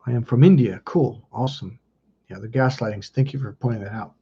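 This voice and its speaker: Husky, dark-voiced man telling a story. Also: medium pitch, a little fast. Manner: rambling, blunt, swears freely. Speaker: livestream host. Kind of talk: casual storytelling to a live chat. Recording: muffled lo-fi stream audio.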